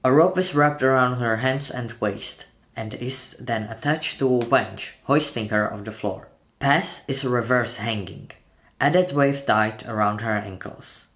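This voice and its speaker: A man's voice: mid-range voice, unhurried, fairly bright tone. A man retelling a horror film scene by scene in a tense, dramatic narration, voicing the sound effects himself. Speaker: channel host narrating a film breakdown.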